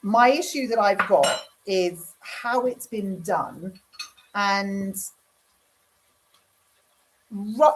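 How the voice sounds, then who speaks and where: A middle-aged woman, chatting frankly with viewers and reading out their comments while she cooks dinner. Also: mid-range voice. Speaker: livestream host. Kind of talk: casual chat, answering viewer comments. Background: cooking dinner while talking.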